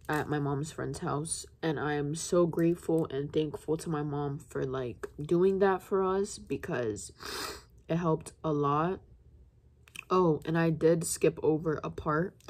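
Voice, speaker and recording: A woman's voice: deep voice, a little mellow. A young woman in her late teens telling a personal story to her viewers in a casual, rambling, confiding way, full of fillers. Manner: rambling, confiding, heavy use of "like". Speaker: vlogger.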